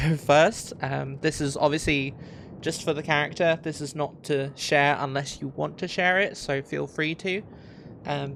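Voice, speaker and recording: Slow, gravelly-voiced male game master. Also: on the high side, background noise. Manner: hesitant, filler-heavy narration. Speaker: dungeon master. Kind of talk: narrating a tabletop game.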